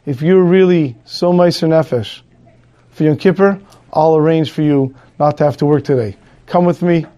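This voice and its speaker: A man's voice: a little high, normal speed, dark tone, close to an everyday voice. A man voicing a steadfast Jewish camp capo who speaks firmly and plainly.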